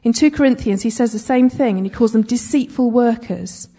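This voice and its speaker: A woman's voice: on the high side, a little fast, warm tone, slightly rough. A woman giving conversational Bible teaching, chatty, with humorous asides and frequent check-ins with her listeners.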